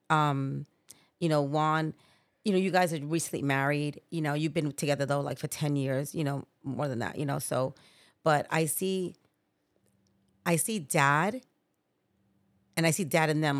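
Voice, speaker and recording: A low-pitched woman in her sixties who talks in loose, rambling runs, packing in "you know" and restarting her sentences. The sound is dry and close, with no room around her. She is a mother chatting casually about her family on a remote podcast setup. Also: fairly even intonation, normal speed, long pauses, no echo. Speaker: guest, mother of the hosts.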